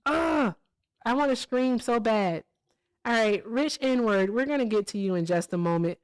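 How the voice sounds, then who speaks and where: A woman's voice: on the high side, moderate pace, a little mellow, smooth. A woman hosting a live stream in a casual, emphatic way. She is blunt and swears, and she keeps checking in with "all right?" and "okay?". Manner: blunt and profane. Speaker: livestream host. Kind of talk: casual livestream chat and commentary.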